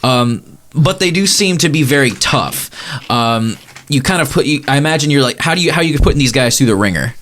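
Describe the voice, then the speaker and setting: A man's voice: mid-range voice, animated, fairly quick, fairly bright tone. A man narrating as game master in a rambling way, often laughing at his own jokes.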